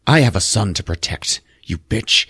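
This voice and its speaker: A man's voice: fairly low pitch, animated, normal speed, gravelly, fairly bright tone, slightly rough, no echo, clean studio sound, full character voice. A man voicing an exasperated, skeptical husband who curses bluntly.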